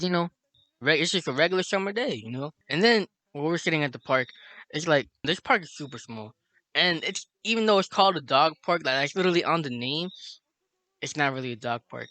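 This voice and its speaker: A man's voice: medium pitch, pushed and bright, dry recording. A young man from Chicago telling a rambling, profanity-laden story in a casual monologue, laughing at his own tale.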